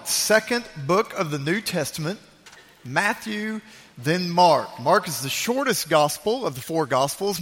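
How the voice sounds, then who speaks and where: A man's voice: high voice, a bit bright. A man preaching a sermon as pastor to a large congregation, emphatic and repeating his key phrases. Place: large church sanctuary. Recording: reverberant church sanctuary.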